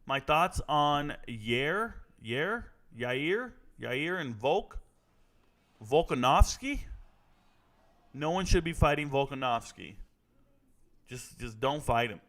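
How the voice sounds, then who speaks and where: A man's voice: on the high side, animated, takes it slowly, long pauses, fairly bright tone. A man reacting live to fight night in casual stream chat, joking, rambling and reading viewer comments aloud.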